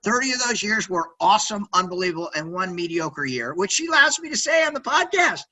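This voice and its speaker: A man in his sixties, a podcast guest telling stories in a loud, high-energy, quirky way, often tagging sentences with "right?". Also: very animated, a little fast, rough recording. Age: 60s. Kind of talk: energetic interview storytelling.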